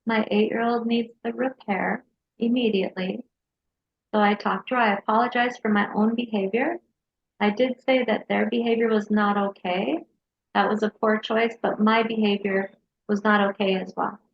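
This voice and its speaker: A woman therapist telling a personal story in an interview, in a lively storyteller's manner. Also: medium pitch, normal speed, vocal fry, breathy edge. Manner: lively storyteller who acts out her kids' voices. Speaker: hypnotherapist and mental health counselor. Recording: dull lo-fi sound.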